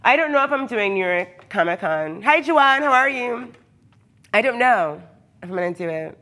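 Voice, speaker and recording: A woman's voice: fairly high pitch, expressive, normal speed, bright, forceful tone. A hyper, chatty woman who often laughs, talking casually with her live viewers from her workshop. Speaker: cosplayer streaming live. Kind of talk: casual livestream chat with viewers.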